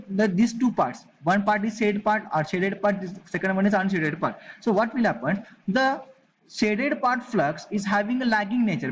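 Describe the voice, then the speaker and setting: A man's voice: high-pitched, slight background noise, poor audio. A man with a Marathi accent teaching an engineering class, explaining step by step and often repeating "okay" and "as I said earlier". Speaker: engineering lecturer. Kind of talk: classroom lecture on electrical machines.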